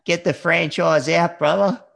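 Aussie guy hosting a podcast, gravelly, chatty, kinda hesitant. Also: a little high, fairly even intonation, measured pace, fairly bright tone. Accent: Australian. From Australia. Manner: friendly, says "mate", hesitant. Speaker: podcast host. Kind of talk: casual interview chat.

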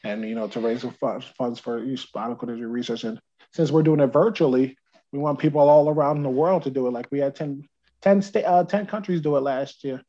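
A man's voice: mid-range voice, steady tone, a little fast, mellow, dull audio. A man from New Jersey, talking as a guest in a casual interview over a remote call, upbeat and rambling, often repeating words.

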